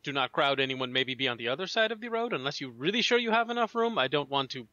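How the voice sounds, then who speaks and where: A man's voice: on the high side, very animated, fast, sharp tone, dry recording, highs cut off. A man playing a tabletop game, given to wordy, formal phrasing. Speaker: player.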